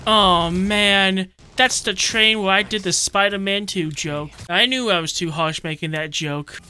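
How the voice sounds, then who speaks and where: A man giving comedic, profane commentary while playing a video game, often bursting into yells. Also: high voice, a little slow, clear, resonant tone. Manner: joking, swearing, sudden yelling outbursts. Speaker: gameplay commentator. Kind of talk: comedic let's-play commentary.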